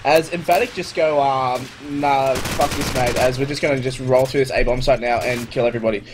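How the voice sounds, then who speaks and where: Laid-back co-caster. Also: male voice, mid-range voice, steady tone, quick pace, noisy background. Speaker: esports co-caster. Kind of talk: live game commentary.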